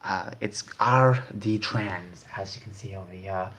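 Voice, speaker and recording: Male vlogger, slightly low voice, rambling casual commentary, repeats himself. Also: measured pace, hardly any pauses, a bit bright. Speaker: video host. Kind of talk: casual commentary reading online posts.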